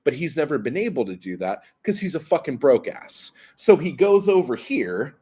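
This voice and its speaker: A man's voice: on the high side, very animated, moderate pace, dark tone, slightly rough. A man hosting a livestream, ranting in a profane, exasperated way and reacting to chat comments. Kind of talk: heated livestream rant.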